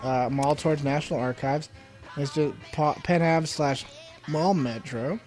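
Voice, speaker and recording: A man's voice: on the high side, measured pace, a little mellow, soft background music. A young man co-hosting a let's play, joking sarcastically and rambling while he has the hiccups. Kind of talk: casual gameplay banter.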